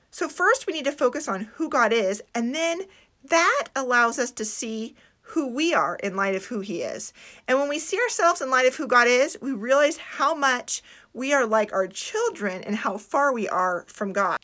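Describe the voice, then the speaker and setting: A woman giving an earnest devotional talk on faith and homeschooling, reflective, slowing down to stress key points. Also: a little high, expressive, sharp tone. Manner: earnest, reflective, slows for emphasis. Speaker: Christian homeschooling speaker.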